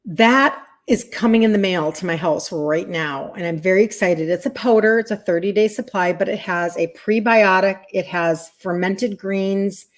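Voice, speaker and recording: A woman in her fifties with an American accent, hosting a live stream as a health coach, chatting casually, laughing often, answering viewers by name. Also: mid-range voice. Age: 50s. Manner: chatty, rambling, quick laughs, talks straight to viewers.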